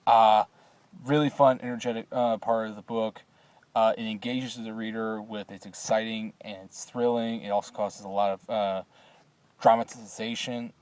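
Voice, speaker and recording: A man's voice: lowish voice, flat delivery, normal speed, darkish tone, dry recording. A man recording a class assignment on a phone, hesitant with many filler sounds, then reading a story aloud. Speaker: student.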